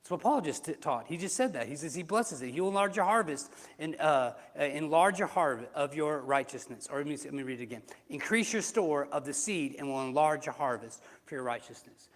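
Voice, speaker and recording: Pastor, male, slightly high voice; casual sermon delivery with rhetorical questions, reverberant sanctuary. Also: lively intonation, a little fast, few pauses. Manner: conversational preaching with rhetorical questions. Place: church sanctuary. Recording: reverberant church hall.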